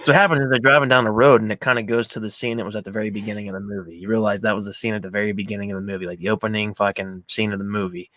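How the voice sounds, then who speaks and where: A man retelling a film scene by scene in a casual chat, jumping into high, excited voices for the quotes. He talks quickly and swears freely. The sound is dry and close, with no room around it. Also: no room sound. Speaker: podcast host.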